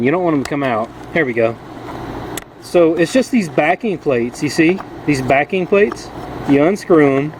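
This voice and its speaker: Chatty man in noisy garage. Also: fairly high pitch. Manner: chatty, joking, talks while working one-handed. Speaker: motorcycle vlogger. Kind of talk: casual how-to commentary. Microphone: camera held in one hand.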